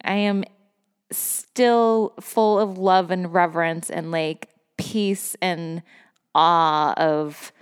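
A woman's voice: fairly low pitch, steady tone, drawn-out words, clear, resonant tone, long reverb tail. A woman hosting a podcast, telling a personal story in a candid, effusive way, often laughing, swearing freely and saying "like" a lot. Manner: laughs often between phrases. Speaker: podcast host.

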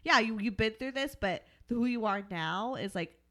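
A woman's voice: fairly high pitch, expressive, moderate pace, a bit bright. A young woman co-hosting a podcast in casual chat, rambling with lots of filler words and swearing. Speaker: podcast co-host.

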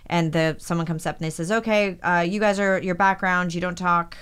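A woman's voice: on the low side, fairly quick, clear, resonant tone. A woman in her forties, an actress, telling her career stories in a casual interview and acting out the voices of people she quotes. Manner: animated anecdotes, acts out quoted voices. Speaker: actress, podcast guest.

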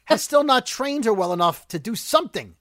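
High-voiced man recapping a TV episode. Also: no room sound, clean studio sound. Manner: animated, talks fast, rants about plot holes. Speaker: podcast host recapping a TV episode. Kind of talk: casual recap chat.

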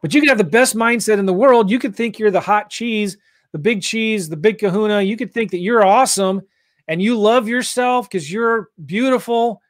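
Energetic salesy guy coaching on a live stream, kinda high voice, dry. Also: moderate pace, no echo. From St. Louis. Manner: pushy, energetic sales talk. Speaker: real estate investing coach. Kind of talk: livestream coaching chat.

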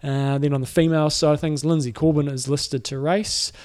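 A man's voice: a little high, fairly even intonation, a little fast, a little mellow. A man co-hosting a sports podcast, talking casually and rambling with fillers and restarts. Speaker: podcast co-host. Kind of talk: casual chat.

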